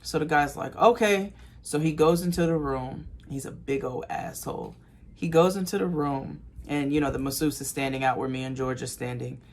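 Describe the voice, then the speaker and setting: A man co-hosting a podcast, telling a story casually and acting out the people in it, with bursts of loud laughter. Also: on the high side, moderate pace, vocal fry. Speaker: podcast co-host.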